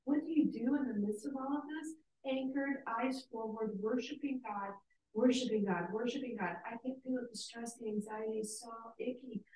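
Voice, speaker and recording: A woman's voice: fairly high pitch, moderate pace, few pauses, a little mellow, a little hiss or hum. A woman leading a casual Bible study, reading scripture aloud and breaking off with eager comments. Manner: enthusiastic, reads passages aloud and breaks off to comment. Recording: roomy, distant mic.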